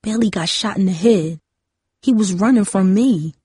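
A woman voicing a shaken teenage boy who blames himself, speaking in a halting, guilt-ridden way. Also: medium pitch, dark tone, slightly rough, dry recording, studio quality. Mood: stunned.

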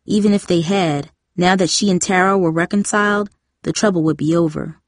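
A woman reads a children's novel aloud in an even, measured storytelling voice. Her voice is fairly low for a woman. The recording is dry and close, with no room sound. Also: dry recording. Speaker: audiobook narrator. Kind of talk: scripted narration.

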